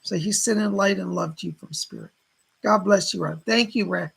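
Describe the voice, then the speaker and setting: A man with a husky voice giving live psychic readings, passing on spirit messages as quotes and thanking donors by name. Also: high voice, moderate pace, fairly bright tone, rough recording. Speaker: psychic medium.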